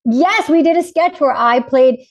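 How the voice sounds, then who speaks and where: Middle-aged woman, podcast guest, fairly high voice, upbeat chatty talk. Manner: upbeat, chatty, quick to laugh along. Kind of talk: casual chat.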